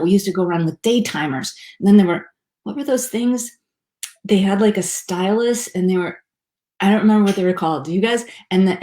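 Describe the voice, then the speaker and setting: Woman, from the United States, lowish voice, chatty, self-deprecating, echoey room. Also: darkish tone. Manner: chatty and self-deprecating, with many restarts and fillers. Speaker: speaker teaching a class on happiness. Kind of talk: casual talk to a live audience.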